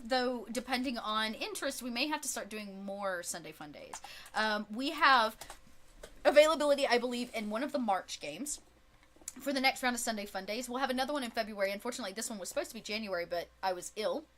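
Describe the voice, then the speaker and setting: A woman's voice: on the high side, expressive, fairly quick, fairly bright tone. A woman, the game master and host of the channel, chatting casually and in a friendly way after a game, with many fillers. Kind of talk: casual post-game chat.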